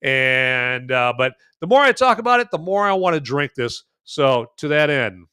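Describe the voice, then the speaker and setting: A man's voice: mid-range voice, big pitch swings, moderate pace, bright, forceful tone, smooth, no room sound, studio quality. A man hosting a casual movie and beer review show, rambling and enthusiastic, with lots of fillers and repeated tag phrases like "okay?". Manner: enthusiastic and jokey. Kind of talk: casual review chat to camera.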